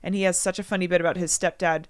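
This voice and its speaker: A woman's voice: lowish voice, level tone, racing, no room sound, clean studio sound. A young adult woman co-hosting a podcast, reading a listener's story aloud in casual chat and breaking off to joke and comment. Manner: chatty, breaks off to joke and comment, acts out quotes loudly.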